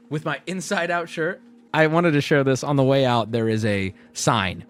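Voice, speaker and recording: A man streaming, telling a story to his chat in a casual, animated way, jumping between loud outbursts and low mutters. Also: normal speed, soft background music.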